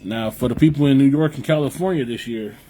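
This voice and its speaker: A young Midwestern man with a mid-range, mellow voice talks fast over a slight hiss or hum. Hosting a live podcast, he reads chat and talks loosely and profanely with viewers, repeating himself as he rambles.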